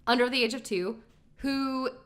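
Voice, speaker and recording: A woman's voice: high-pitched, normal speed. A woman co-hosting a podcast in casual chat, telling rambling stories and thanking listeners. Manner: chatty, rambling storyteller. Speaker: podcast co-host.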